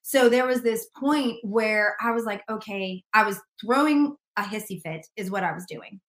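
A woman guest sharing a faith testimony in casual conversation, an animated storyteller who laughs often. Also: mid-range voice, moderate pace, roomy sound.

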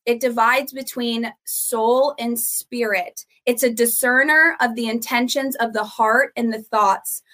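A woman's voice: fairly high pitch, unhurried, hardly any pauses. Earnest woman teaching on a podcast. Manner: earnest, steady teaching with repeated emphasis. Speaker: ministry founder, guest.

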